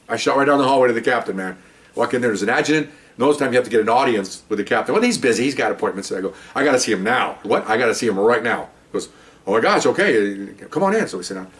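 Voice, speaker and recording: A man's voice: lowish voice, lively intonation, fast, distant mic. A man, a former police officer, telling a story in a casual monologue, acting out the other people's lines with a raised voice.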